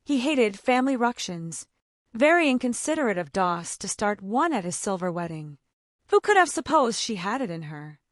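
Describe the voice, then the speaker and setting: A woman narrating an audiobook in an expressive storytelling style. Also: mid-range voice, normal speed, no echo, studio quality. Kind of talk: scripted narration.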